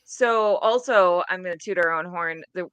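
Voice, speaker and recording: A woman's voice: fairly low pitch, normal speed, fairly bright tone, clear, resonant tone, dry recording. A woman from Wisconsin with an Upper Midwest American accent, chatting earnestly and eagerly during a movie watchalong. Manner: earnest, opinionated, enthusiastic. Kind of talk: casual chat on a movie watchalong.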